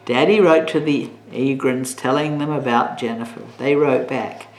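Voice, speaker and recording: A woman reading a children's chapter book aloud in an expressive way, stopping to ask her listeners questions. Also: a bass voice, moderate pace, few pauses. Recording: echoey room.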